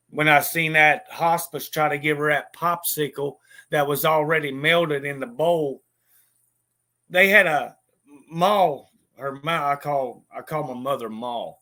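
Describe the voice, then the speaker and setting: A man with a voice pitched a little high for a man, talking in a casual monologue. He sounds bitter and swears constantly. He keeps stumbling into restarts and repeated words. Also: a little slow, sharp tone. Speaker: storyteller.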